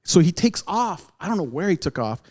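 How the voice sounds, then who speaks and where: A man's voice: high voice, brisk. A man telling a long story in casual podcast chat, acting out the voices of the people in it. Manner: animated, acts out other people's lines in the story. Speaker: podcast guest, radio veteran.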